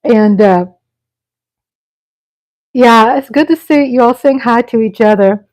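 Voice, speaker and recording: A middle-aged woman hosting a live stream, chatting casually in a rambling way with frequent pauses and restarts. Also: a little high, darkish tone, rough recording.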